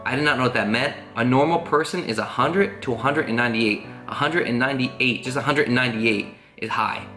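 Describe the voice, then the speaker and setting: Casual vlogger man, bright forceful voice, rambling earnest telling, roomy echo, faint guitar behind. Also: mid-range voice. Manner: rambling, earnest, full of "like" fillers. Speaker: family vlogger. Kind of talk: casual storytelling to camera.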